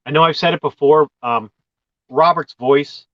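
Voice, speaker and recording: A man's voice: fairly high pitch, moderate pace, fairly bright tone, dry recording, highs cut off. A man chatting as a guest on an online video call, joking around and rambling with restarts. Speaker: guest YouTuber. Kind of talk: casual online chat.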